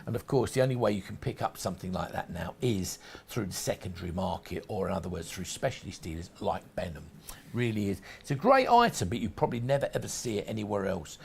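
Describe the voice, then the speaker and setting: A man's voice: lowish voice, expressive, quick pace, gravelly, a little hiss or hum. A man hosting a shopping channel, talking through collectables in chatty, rambling sales patter with frequent restarts. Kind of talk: sales presentation.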